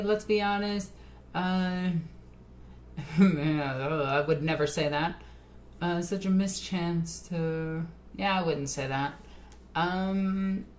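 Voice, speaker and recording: A woman's voice: lowish voice, a little mellow. A tipsy woman streamer chatting casually with her live chat, rambling and laughing often.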